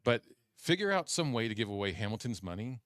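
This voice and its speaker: A man co-hosting a poker stream, bantering with deadpan jokes and playful boasts. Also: fairly low pitch, brisk, no echo. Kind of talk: casual joking banter.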